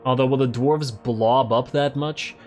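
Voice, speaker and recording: A man hosting a let's play, casually commenting on a strategy game while thinking aloud, correcting himself and getting excited. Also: medium pitch, faint music behind. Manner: excitable, quick to laugh.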